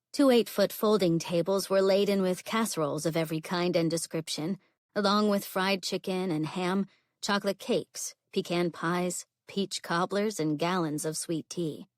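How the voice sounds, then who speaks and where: A woman reads a romance novel aloud as a steady audiobook narrator. Her voice sits on the low side, and the recording is dry and close, with no room sound. She slips into drawled voices for the characters. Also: dry recording. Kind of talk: scripted narration.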